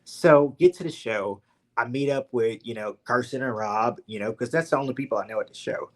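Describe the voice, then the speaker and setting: With a mid-range voice and a fairly quick pace, this young man from Louisiana narrates his story as a podcast guest. He has a Southern accent and an easygoing, animated style peppered with "like" and "man."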